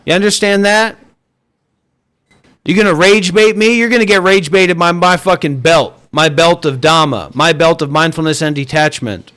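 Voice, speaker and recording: A man's voice: a little high, normal speed, fairly bright tone. A man hosting an online voice chat and livestream, scolding listeners with profanity and repetition. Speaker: voice chat host and streamer. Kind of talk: livestream rant.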